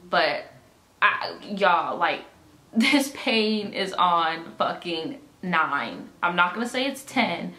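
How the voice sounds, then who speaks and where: Nursing a swollen, aching jaw, a young woman recounts a story for her vlog from a room at home, cursing in frustration and voicing both people in the conversation with animated quoted dialogue. She speaks slowly in a lowish voice, picked up by a camera mic in an echoey room with faint ambient noise.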